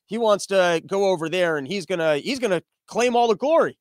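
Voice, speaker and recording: A man's voice: high-pitched, lively intonation, brisk, no echo, clean studio sound. A man hosting a comedy show, delivering a sarcastic, ranting political monologue.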